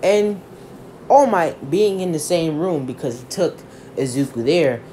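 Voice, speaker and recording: A storyteller rambling through an improvised fan story in a loose, halting way. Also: medium pitch, warm tone, slight background noise.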